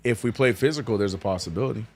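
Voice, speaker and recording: A man hosting a casual live watch-along stream, reading viewer chat aloud and reacting with sudden high exclamations. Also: racing, soft background music. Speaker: streamer host.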